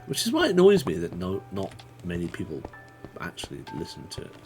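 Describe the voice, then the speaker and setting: A man's voice: low voice, wildly swooping pitch, fairly quick, music in the background. A man chatting casually to his viewers while playing a game on a livestream, rambling and swearing when startled. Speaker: streamer. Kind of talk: casual gaming livestream chat.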